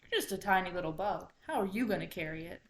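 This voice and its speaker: A woman telling a folktale plays a big male bear, leader of the animal council. He speaks loudly and bluntly, in a plain mid-pitched voice that gives orders. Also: measured pace, natural voice. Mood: commanding.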